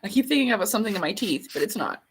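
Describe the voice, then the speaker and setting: A woman's voice: medium pitch, animated, rapid-fire, slight background noise. A woman chatting casually on a livestream, rambling and laughing often. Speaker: livestream host.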